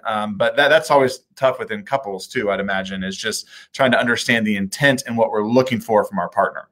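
A man's voice: lowish voice, brisk, hardly any pauses, a bit bright. Casual man hosting a video call. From Indiana, US. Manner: casual, many fillers and restarts, candid. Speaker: mayor, show host. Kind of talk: video-chat conversation.

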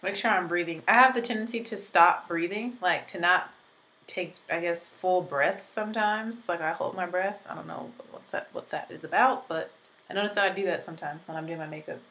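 Twenties female vlogger, lowish pitch, casual filler-heavy tutorial chat, just getting over an illness. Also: brisk, a bit bright, poor audio. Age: 20s. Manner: chatty, rambling, many "like" fillers. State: recovering from illness. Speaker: beauty vlogger.

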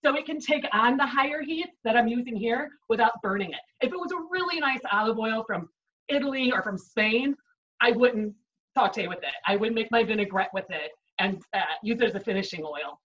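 In her home kitchen, a woman chef instructor with a Chicago accent talks through a cooking demonstration, chatty and explaining as she cooks, often saying "right?" and "um." Her voice is a little high, animated, and a bit bright, a little fast, and she sits far from the mic on dull audio.

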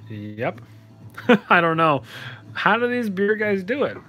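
A man's voice: high voice, big pitch swings, slow, pushed and bright, faint music behind, poor audio. A young man chatting offhand in a casual vlog, rambling and poking fun at himself. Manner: rambling, offhand, self-deprecating. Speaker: vlogger.

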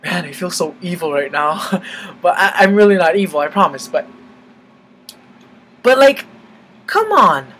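Young man, husky, venting, animated, swearing, casual vlog. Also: high voice, brisk, poor audio. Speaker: vlogger.

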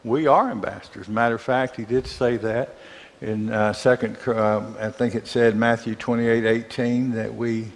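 Gravelly Southern man teaching a Bible class. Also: medium pitch, steady tone, long reverb tail. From Mississippi. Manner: conversational, asks the class questions, halting with fillers. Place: church classroom.

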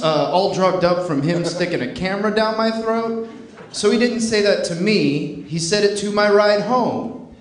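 Slow, high-voiced deadpan male comedian. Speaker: stand-up comedian. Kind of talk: stand-up comedy set. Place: comedy club stage. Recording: echoey club with loud crowd laughter.

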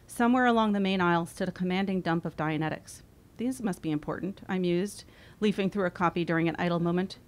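A woman in her forties reading her own memoir aloud, wry and expressive. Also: on the low side, fast, smooth. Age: 40s. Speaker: author.

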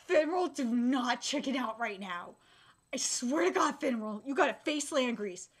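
A woman streaming a live reaction to a comic chapter, excitable and squealing, reading aloud and swearing freely. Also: high-pitched, moderate pace, slightly rough.

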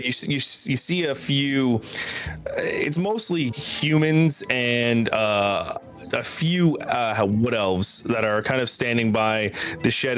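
A man narrating as game master of a tabletop game, in a loose, halting way with many fillers. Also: medium pitch, fairly bright tone.

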